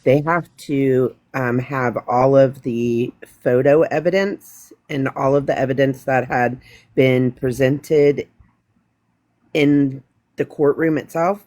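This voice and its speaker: A middle-aged woman talking earnestly in relaxed conversation, now and then stumbling over a word as she starts. Her voice is recorded dry and close, with no room sound. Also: a bass voice, slow, no echo. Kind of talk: casual chat.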